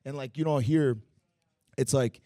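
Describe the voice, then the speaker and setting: A Muay Thai fighter telling stories in a casual podcast interview at a bar and grill, animated and profane, full of fillers. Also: male voice, medium pitch, unhurried, no room sound, studio quality.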